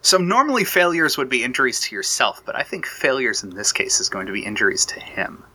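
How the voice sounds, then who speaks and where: A man's voice: medium pitch, lively intonation, brisk, pushed and bright, slight background noise. A man running a tabletop role-playing game as game master, narrating scenes with frequent restarts. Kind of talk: narrating a tabletop war campaign.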